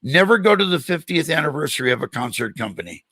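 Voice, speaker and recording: Older male host and animated storyteller, bright tone, dry studio sound. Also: fairly high pitch, fast talker, no echo. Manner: animated storyteller, acts out quoted dialogue. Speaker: podcast host. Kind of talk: storytelling in a casual interview.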